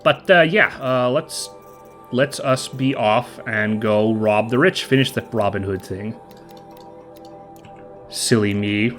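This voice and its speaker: A man's voice: medium pitch, slow pace, pauses often, a bit bright, soft background music. Chatty man with a stuffy nose. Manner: chatty, rambling, upbeat. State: stuffy, slightly nasal from a cold. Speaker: let's play host. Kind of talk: casual gameplay commentary.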